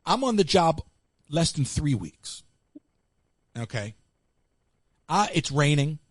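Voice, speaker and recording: A man's voice: a little high, slow pace, dry recording. An American man hosting a call-in show, telling stories in casual chat and acting out what others said. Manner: animated storyteller acting out quotes.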